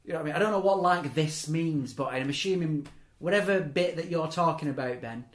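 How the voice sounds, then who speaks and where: In an echoey room, a young podcast host with a somewhat high, brisk voice rambles through long stories during casual chat, abandoning sentences halfway and laughing through asides.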